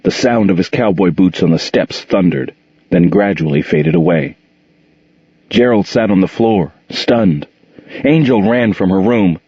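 A man's voice: low-pitched, normal speed, mellow, slightly rough, no echo. A man narrating an audiobook expressively, putting on voices for the characters, in a dull, muffled recording.

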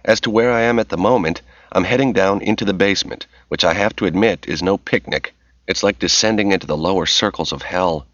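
A man voicing a calm, dryly wry man exploring a dark, foul place while talking over an earpiece. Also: low voice, fairly quick, dry recording. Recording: slightly dull dry recording.

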